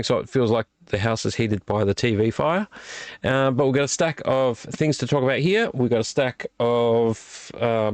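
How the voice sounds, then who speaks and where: A man hosting a casual late-night vlog from a small room at home, his voice strained and croaky from illness, rambling and self-deprecating with many fillers. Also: mid-range voice, no echo. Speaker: vlog host. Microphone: attached desktop microphone.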